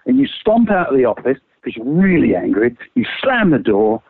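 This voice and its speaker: Male creativity trainer, lively and casual, dry phone-quality sound. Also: moderate pace, creaky, no echo. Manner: lively, swings pitch widely, casual swearing. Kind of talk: animated explaining with quick exercises.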